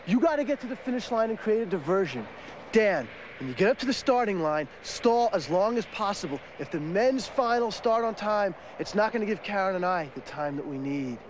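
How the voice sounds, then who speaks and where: A man's voice: high voice, lively intonation, brisk, a little hiss or hum. A young actor playing an eager, scheming young man in an old film and commercial.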